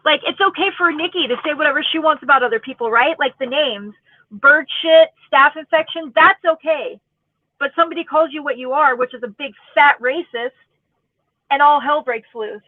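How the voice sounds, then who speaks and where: A woman's voice: high voice, normal speed, no room sound. A woman in her forties ranting angrily in casual, profane, sarcastic commentary as a YouTube commentator. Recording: tinny phone-like audio, dry.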